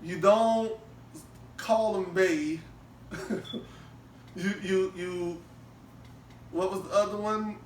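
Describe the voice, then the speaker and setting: A man co-hosting a podcast in casual chat, an animated storyteller who laughs often and repeats himself. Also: high voice, extremely slow, long pauses, a little hiss or hum. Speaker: podcast co-host. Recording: roomy, distant mic.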